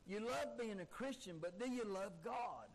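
A man's voice: high voice, lively intonation, normal speed, poor audio. A man preaching a sermon emphatically, driving his points home with repeated rhetorical questions. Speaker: pastor.

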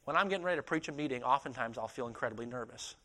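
A man in his twenties preaching a sermon, moving from quiet reflection to loud, impassioned passages and acting out biblical dialogue in his own voice. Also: mid-range voice, expressive, rapid-fire. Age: 20s.

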